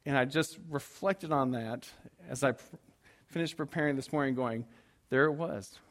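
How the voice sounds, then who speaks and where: A man's voice: mid-range voice, normal speed. A man preaching to his congregation, telling a story with humor and acting out his own panic. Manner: animated, acts out his own frantic panic; self-deprecating humor with the congregation. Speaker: pastor. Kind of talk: storytelling sermon.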